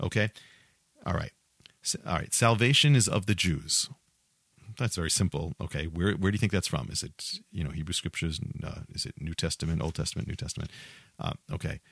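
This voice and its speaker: A man's voice: low-pitched, fast talker, creaky, long pauses, slightly rough, dry recording, clean studio sound. A man teaching from the Bible, reading scripture aloud and quizzing his listeners with repeated questions. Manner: quizzes listeners with repeated questions, reads passages with rising emphasis. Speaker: preacher.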